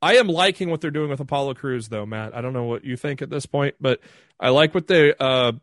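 A man's voice: medium pitch, brisk, fairly bright tone, no room sound, studio quality. A man co-hosting a casual podcast, rambling with many fillers in an easygoing way. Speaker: podcast co-host.

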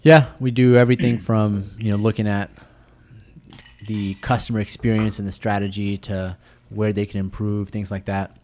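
A man who is a business consultant, telling work stories in a relaxed, casual way with many fillers. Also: on the low side, moderate pace. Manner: relaxed storyteller, many "you know" fillers. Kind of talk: casual interview chat.

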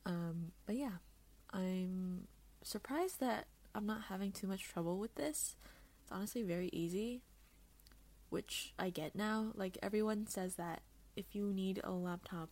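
A young woman rambling alone into her podcast mic. She talks in a loose, self-mocking way and swears freely. She jumps between loud outbursts and quick hushed asides. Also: mid-range voice. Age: young adult. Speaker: podcast host. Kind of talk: casual solo chat.

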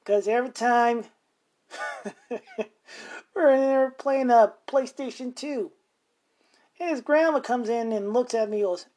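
A man's voice: extremely high pitch, measured pace, pauses often, darkish tone. A middle-aged man hosting a podcast, telling stories in a rambling, profane way and chuckling often. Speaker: podcast host. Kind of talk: casual storytelling monologue.

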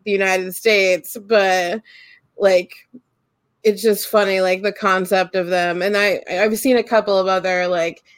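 A podcast co-host from Central Ohio in relaxed conversation. Her voice is at a middle pitch and sounds dry and close, with no room around it. She rambles with plenty of fillers and slips in giggly asides. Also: measured pace, dry recording. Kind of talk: casual chat.

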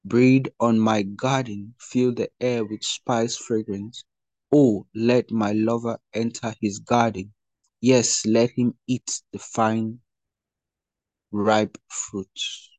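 A man reading the part of a longing young woman lover in a slow, earnest scripture reading. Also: lowish voice, little pitch movement, a little mellow, no room sound.

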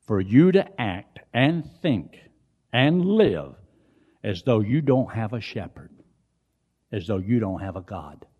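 Older preacher, lively sermon. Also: male voice, mid-range voice, takes it slowly, breathy edge. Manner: swings from quiet storytelling to loud emphatic preaching; folksy, asks the congregation questions.

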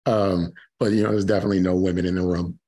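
A man with a low, husky voice co-hosts a relaxed podcast conversation. He delivers his jokes in a dry, offhand way. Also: fast talker. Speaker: podcast co-host. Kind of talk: casual chat.

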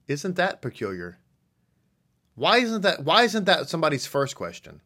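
A man teaching a religious lesson, reading passages slowly and then speaking emphatically, repeating words for stress and asking rhetorical questions. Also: on the high side, huge pitch swings, sharp tone. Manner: reads passages slowly, then speeds up in asides. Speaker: rabbi teaching a congregation. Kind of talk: sermon-style teaching.

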